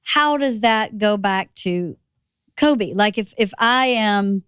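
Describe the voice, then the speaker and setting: A woman co-hosting a casual podcast, asking direct and curious questions. Her voice is smooth and clear, recorded close and dry. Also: medium pitch, expressive, takes it slowly, fairly bright tone, no room sound. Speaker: co-host.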